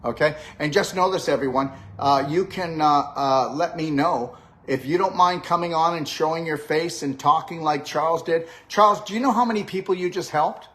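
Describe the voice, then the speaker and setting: An older man hosts a live health chat. His voice sits a little high. He sounds upbeat and coaching, and he keeps asking "okay? all right?" as he pushes his guest along. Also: normal speed, a bit bright. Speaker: host and health practitioner.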